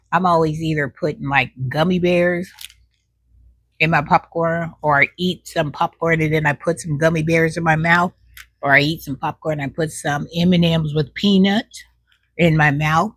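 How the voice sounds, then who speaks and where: Recorded dry, a woman whose voice sits low hums over her snacks during a relaxed, down-home taste test. Chewing as she speaks, she lingers on each bite with long hums and tosses in "child" now and then.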